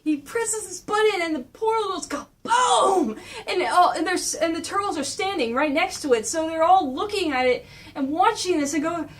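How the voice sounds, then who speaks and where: A woman casually recapping a comic, excitable and gushing, rambling as she goes. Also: extremely high pitch, moderate pace. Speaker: comic reviewer.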